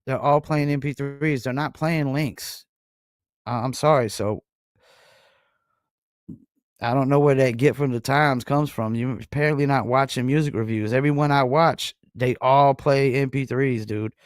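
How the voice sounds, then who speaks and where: A man's voice: medium pitch, fairly even intonation, a little slow, clear, resonant tone, no room sound, studio quality. A man with a Southern US accent hosting a music review livestream, talking casually with a lot of fillers. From North Carolina. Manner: laid-back, rambling, frequent um and I mean. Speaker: music review show host.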